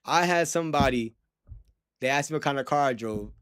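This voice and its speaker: A man's voice: mid-range voice, fairly quick, fairly bright tone, clear, resonant tone. A young man talking casually to his livestream chat, rambling with lots of slang and frequent laughter.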